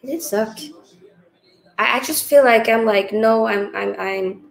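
Chatty woman, gravelly voice. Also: fairly high pitch, measured pace, rough recording. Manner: chatty, animated, reads out viewer comments. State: tired. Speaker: livestream host. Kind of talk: casual live watchalong chat.

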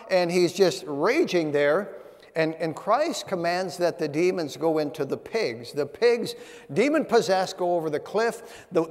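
A man preaching a sermon as pastor, reading scripture and telling stories in a folksy way. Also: sits high. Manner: storytelling preacher, reads scripture in old-fashioned phrasing. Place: church sanctuary. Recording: long church hall reverb.

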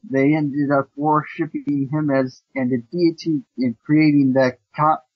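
A man with a husky, slightly raised voice reads a bad fanfic aloud at an unhurried pace, mocking the prose as he goes. The recording is dull and lo-fi, with a dry, close sound. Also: on the high side, flat delivery, no echo. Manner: mocking, swears and breaks off to joke about the text. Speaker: fanfiction reader. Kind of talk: comedic read-aloud with commentary.

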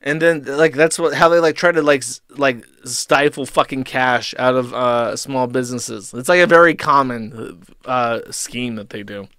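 Male streamer, sarcastic commentary, profane, bright sharp tone, dry close sound. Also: medium pitch, normal speed, smooth, no room sound. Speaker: streamer host. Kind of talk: commentary reading posts aloud.

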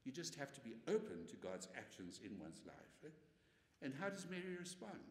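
A man's voice: medium pitch, normal speed. A man, a priest, giving a conversational Bible lecture and often tagging his points with "eh?". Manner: animated, conversational, tag questions with "eh". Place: church or parish hall. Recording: echoey hall from far off.

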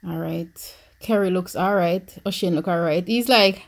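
A woman's voice: medium pitch, normal speed. Jamaican woman narrating her game. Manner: animated, swings from anxious murmurs to shrieks. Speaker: gaming YouTuber. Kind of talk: game commentary.

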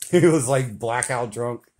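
A man in his forties filming at home, laughing hard, swearing and talking loudly in casual chat. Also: mid-range voice, takes it slowly. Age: 40s.

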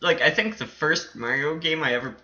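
A man's voice: fairly high pitch, bright, forceful tone. A man giving casual commentary while playing a game, rambling with many fillers and giggling and squealing with delight. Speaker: gaming channel host.

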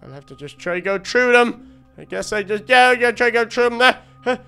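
A silly, excitable little baby duck, as a man puts him on, chattering to himself in a high, bright, clean voice. He rambles on nervously through a game role-play. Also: moderate pace, smooth, faint music behind, heavily acted. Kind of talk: Minecraft role-play narration.

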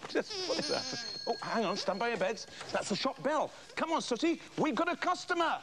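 A man's voice: very high-pitched, sing-song, a little fast, background noise. A man presenting a children's comedy show, playing the exasperated straight man and laughing often.

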